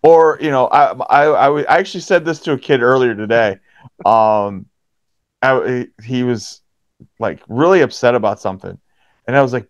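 Animated man telling referee stories. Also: normal speed, no room sound. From Pittsburgh area, USA. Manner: animated storyteller, acts out quotes with jumps in pitch. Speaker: hockey referee, guest. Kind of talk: casual interview chat. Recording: dry, slightly dull podcast audio.

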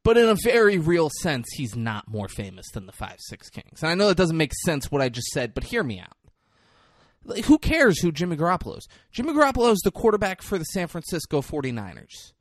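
Animated, profane podcast host. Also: male voice, a little high, brisk, no room sound, studio quality. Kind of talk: casual comedic rant.

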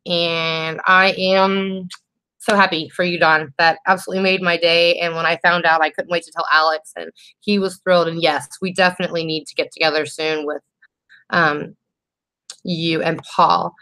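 A woman hosting a live makeup tutorial vlog. She chats warmly and personally, reads out viewer comments, and often restarts her sentences with "um". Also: fairly low pitch, level tone, normal speed, smooth. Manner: chatty and heartfelt, with frequent restarts and "um". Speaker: makeup vlogger host.

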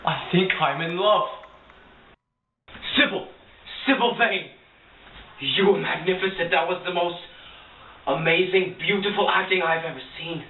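A young man playing a vain, dramatic young gentleman in an amateur drama, with a theatrical, overwrought delivery. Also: high voice. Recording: echoey, distant, tinny and lo-fi with hiss.

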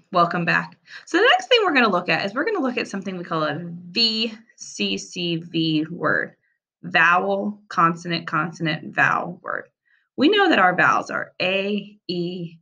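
In a recorded reading lesson for young children, a woman teacher sounds out words slowly and clearly. Her pitch is animated as she goes.

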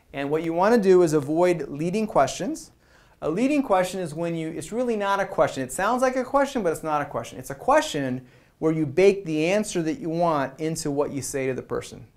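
A man giving a presentation at a meetup. He talks to the audience in a conversational, energetic way and acts out quoted lines. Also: fairly high pitch. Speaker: product management speaker.

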